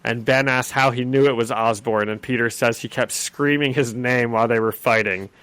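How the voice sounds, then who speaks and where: Animated man recapping comics, dry sound. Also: medium pitch, moderate pace, clean tone, no room sound. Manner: animated, laughing, slips into character voices. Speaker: podcast co-host. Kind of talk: casual comic-book recap chat.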